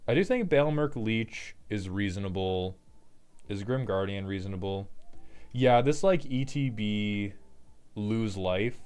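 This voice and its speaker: A man's voice: lowish voice, animated, a little slow, a little mellow, smooth. A man hosting a casual, jokey commentary on a card game deck, rambling with profane asides. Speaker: host.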